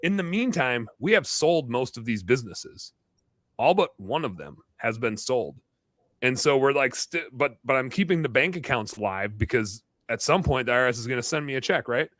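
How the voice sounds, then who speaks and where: A male podcast host rambling through a story in a casual chat with lots of asides. His voice is forceful and bright, and it sounds close and dry with no room sound. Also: mid-range voice, animated, moderate pace, dry recording. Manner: rambling, chatty, full of asides and restarts.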